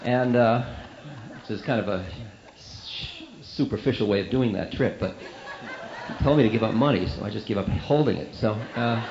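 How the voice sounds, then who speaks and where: A spiritual teacher telling a story to an audience in a candid, self-mocking, animated way. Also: male voice, fairly low pitch, moderate pace, noisy background. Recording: roomy, dull lo-fi recording.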